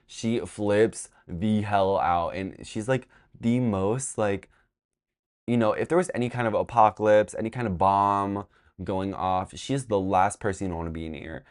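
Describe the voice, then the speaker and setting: A young man telling a storytime vlog in a rambling, exasperated way, swearing as he goes. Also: sits low. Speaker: vlogger.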